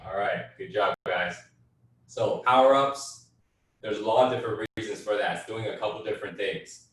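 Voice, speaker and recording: A man guides a group workout class in a steady, explanatory coaching voice. His voice sits fairly low. It comes from a distant mic in a very reverberant room. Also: normal speed. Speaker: fitness and breathwork instructor.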